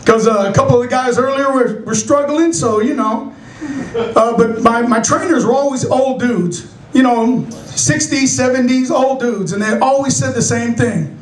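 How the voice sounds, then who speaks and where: High-pitched middle-aged guy from san francisco doing stand-up, acting out all the voices, echoey club mic kinda far off. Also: moderate pace. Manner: animated storytelling, acting out characters in raised voices. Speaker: stand-up comedian. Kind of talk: stand-up comedy set. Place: comedy club stage.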